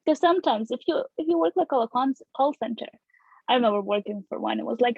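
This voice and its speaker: A woman with a fairly high voice tells stories in a casual chat and laughs a lot. She is a comedian appearing as a guest. Her sound is dull and dry. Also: expressive, fast talker, vocal fry, a little mellow, breathy edge, dry recording. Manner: laughing often, storytelling.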